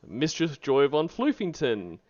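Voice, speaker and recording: A man hosting a stream, chatting casually, rambling through shout-outs and laughing often. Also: a little high, huge pitch swings, a little slow, lo-fi sound. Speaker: streamer host.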